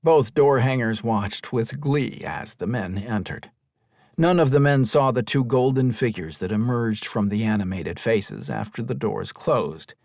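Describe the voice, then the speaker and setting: A man reading an audiobook as narrator, with expressive storytelling. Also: medium pitch, measured pace, creaky, dry recording, clean studio sound. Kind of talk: scripted narration.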